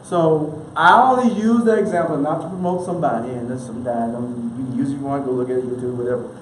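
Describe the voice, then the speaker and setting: A man preaching a sermon in a folksy, casual way, acting out quick little voices and laughing often. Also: mid-range voice. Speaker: minister. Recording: echoey room with faint noise.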